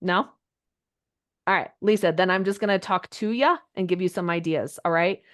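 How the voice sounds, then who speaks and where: A woman coaching a group live on a video call, chatty and animated, her voice jumping up when she gets excited. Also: lowish voice, moderate pace. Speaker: social media coach. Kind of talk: live online coaching session.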